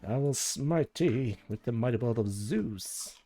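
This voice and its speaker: A man voicing a roaring adult male warrior who pleads with a god, bellowing in a raised, drawn-out voice. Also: mid-range voice, expressive, mellow, faint music behind.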